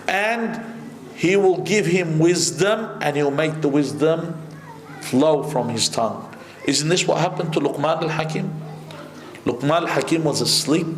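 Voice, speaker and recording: Impassioned preacher man in echoey hall. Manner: impassioned, rhetorical questions, rising to high emphatic peaks. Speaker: sheikh preaching at a majlis. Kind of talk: sermon.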